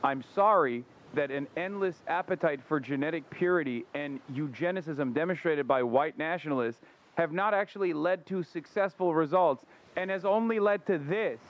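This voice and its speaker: A man's voice: on the high side, normal speed, lo-fi sound. A man hosting a livestream and giving heated, sarcastic, profane reaction commentary. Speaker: livestream host.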